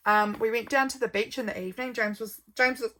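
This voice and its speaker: A woman's voice: fairly high pitch, fairly even intonation, a little fast, pushed and bright, a little hiss or hum. A young woman who chats casually through her journal, rambling a little and yawning often because she is tired. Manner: rambling, friendly, stops for frequent yawns. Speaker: vlogger.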